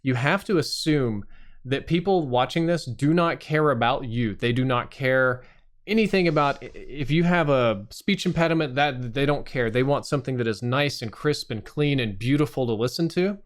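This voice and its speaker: A man's voice: medium pitch, lively intonation, moderate pace. A man hosting a live stream, reviewing channels with blunt, casual and sometimes profane critique.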